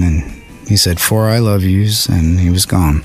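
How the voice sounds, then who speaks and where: A man being interviewed as a songwriter, recounting a painful memory in an earnest, halting way with many fillers. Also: sits low, a little mellow, soft background music. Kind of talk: emotional interview storytelling.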